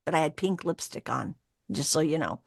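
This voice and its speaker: A middle-aged woman, a voice actress and interview guest, telling a story in a lively way and acting out the voices of the people in it. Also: deep voice, normal speed, gravelly, breathy edge, dry recording, clean studio sound. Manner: lively, acts out the voices of people in her story, laughs often.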